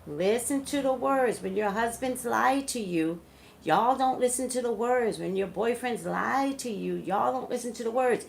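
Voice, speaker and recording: A woman's voice: on the high side, normal speed, vocal fry, a little hiss or hum. A woman, a psychic reader, talking emphatically straight to her viewers in casual live-stream commentary.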